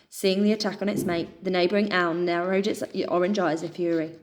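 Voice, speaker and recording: A woman reading a children's adventure story aloud with expressive narration. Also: fairly low pitch, brisk, few pauses. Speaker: children's book reader.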